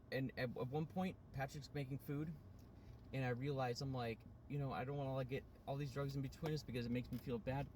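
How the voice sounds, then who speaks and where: Man vlogger, mid-pitch, casual storyteller who swears a lot and keeps circling back, with a faint hum of a vehicle in the background. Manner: rambling, profane, many restarts and fillers. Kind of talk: rambling personal storytelling.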